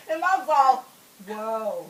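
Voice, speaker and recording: A woman telling a comic story at home in a casual, animated way, laughing often and swearing. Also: high-pitched. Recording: roomy echo, distant from mic, faint hiss.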